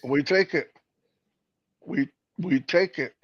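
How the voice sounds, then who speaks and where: Man, high voice, casual live-stream chat, rambling, jokey, fillers, dull lo-fi sound. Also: slow. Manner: rambling, joking, with many fillers and restarts.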